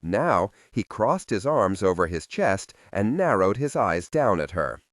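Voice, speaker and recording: A man narrating a dark fantasy audiobook in an expressive, scripted reading on a close studio microphone. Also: fairly low pitch, a little slow, dry recording. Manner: expressive, wide-ranging reading.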